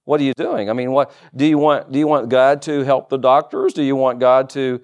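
A man's voice: medium pitch, fairly even intonation, a little fast, darkish tone, highs cut off. A middle-aged man preaching a sermon as pastor, with humorous asides and rhetorical questions.

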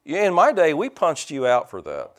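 A man's voice: fairly high pitch, huge pitch swings, moderate pace. An older man, a pastor preaching a folksy, joking sermon and calling out to his congregation.

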